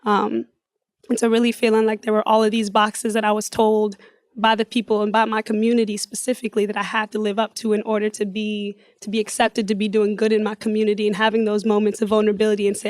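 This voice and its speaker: A woman's voice: medium pitch, monotone, fast talker, no echo, studio quality. A woman from Africa, a poet and youth worker, sharing personal testimony at a community gathering in an earnest, reflective way.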